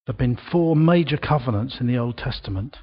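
An older man preaching a sermon in a church, slow and emphatic, with dramatic pauses and bursts of projection. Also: mid-range voice, lively intonation, breathy edge, muffled recording.

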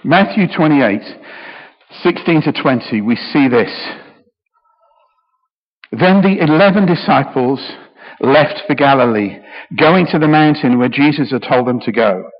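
A man's voice: mid-range voice, lively intonation, measured pace, long pauses. A middle-aged British man preaching a sermon, emotional and passionate, often repeating words as he goes. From Britain. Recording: echoey hall, dull sound.

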